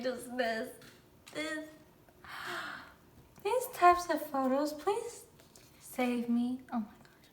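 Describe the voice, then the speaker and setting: High-voiced gushing young woman, echoey room. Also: extremely slow, long pauses. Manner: gushing, excited exclamations and squeals; drops to soft whispers at times. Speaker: vlogger unboxing a photobook. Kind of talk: casual unboxing chat. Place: room with a countertop, squeaky chair. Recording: echoey room with faint ambience.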